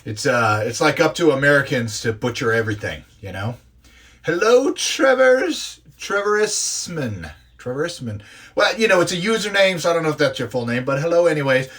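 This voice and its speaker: A man in his forties chatting excitedly through an impromptu live unboxing, gushing and talking with many fillers. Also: fairly high pitch, brisk. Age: 40s. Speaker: live streamer unboxing grooming products.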